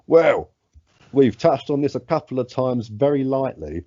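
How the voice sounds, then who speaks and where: A man's voice: mid-range voice, very animated, slow pace, creaky, mellow, no room sound, lo-fi sound. A man co-hosting a casual podcast, sweary and laid-back, reading odd facts aloud. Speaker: podcast co-host.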